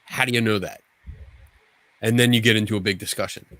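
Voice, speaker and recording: A man's voice: lowish voice, steady tone, a little fast, a bit bright, no room sound. Casual podcast co-host, a man who rambles and restarts his sentences, recorded dry and close. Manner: rambling, frequent restarts and profanity.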